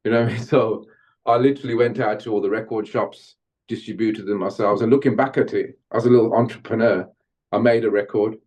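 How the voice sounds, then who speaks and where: A middle-aged Birmingham man guests on an interview podcast, animatedly recounting stories from his music career. His voice sits on the low side and moves a little fast, and he slips into Jamaican-style patois whenever he chants.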